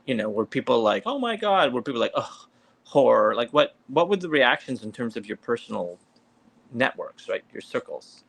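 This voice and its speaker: A man hosting an interview podcast, asking questions in a chatty, animated way. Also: medium pitch, brisk, vocal fry. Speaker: podcast host. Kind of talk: casual interview chat.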